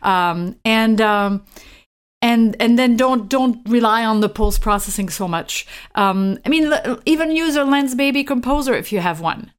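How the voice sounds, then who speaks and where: A woman's voice: a little high, a little slow, clear, resonant tone. A woman hosting a podcast, chatting casually and often chiming in with agreement. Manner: friendly, with frequent affirming "yeah"s and light laughs. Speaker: podcast host.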